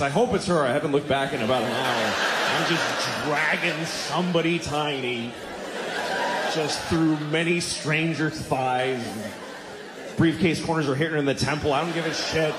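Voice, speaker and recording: A man performing stand-up in an exasperated, deadpan way, his voice leaping high and low. The sound is roomy and echoing, with a clear wash of noise underneath. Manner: exasperated, deadpan storytelling with sudden yelled bits. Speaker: stand-up comedian. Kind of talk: stand-up routine. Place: theater stage. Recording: echoey theater with audience noise. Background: audience laughter.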